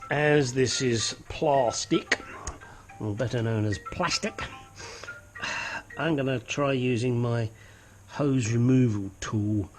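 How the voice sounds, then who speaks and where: A man's voice: medium pitch, slow pace, pauses often, soft background music. A man working as a mechanic, talking through a car repair while he works, muttering and grunting as he struggles with parts. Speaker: auto mechanic. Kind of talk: hands-on car repair tutorial.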